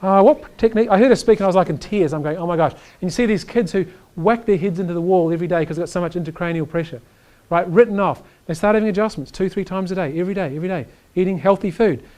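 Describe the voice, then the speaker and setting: A man giving an energetic chiropractic lecture, emphatic and animated, often checking in with "right?". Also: sits high, quick pace, few pauses. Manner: reads quotes aloud to the audience.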